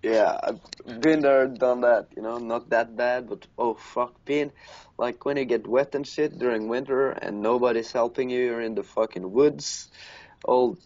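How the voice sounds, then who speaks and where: A man chats casually, swearing freely and laughing through his own stories. His voice sits at an ordinary middle pitch. The recording is dull and lo-fi. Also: steady tone, measured pace, darkish tone. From Norway. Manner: profane, laughing storyteller. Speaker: podcast co-host. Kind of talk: casual chat.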